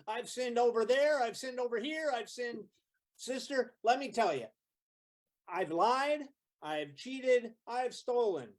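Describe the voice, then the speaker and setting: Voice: medium pitch, animated, takes it slowly. A performer playing a man who brags about his sins in a live improv scene, with a repetitive, folksy delivery. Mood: boastful. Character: boastful male sinner proud of his misdeeds.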